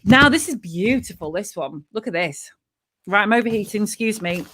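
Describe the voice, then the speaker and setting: A British woman hosting a live stream, chatty and jokey, a bit hoarse from yodeling. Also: mid-range voice, lively intonation, normal speed, fairly bright tone, a little hiss or hum. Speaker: host.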